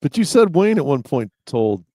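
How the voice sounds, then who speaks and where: A man's voice: fairly high pitch, big pitch swings, normal speed, warm tone, dry recording, studio quality. A man co-hosting a podcast, asking short teasing questions in casual chat.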